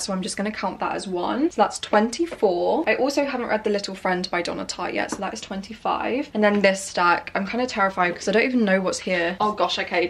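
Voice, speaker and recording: A young woman book vlogger in casual chat, chatty and excitable as she counts through her shelves. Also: medium pitch.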